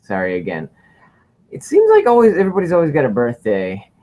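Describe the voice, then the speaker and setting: Animated man hosting a joking livestream. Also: on the high side, brisk, narrow, tinny audio. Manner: rambling, joking, reads viewer questions. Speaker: livestream co-host. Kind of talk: casual livestream chat.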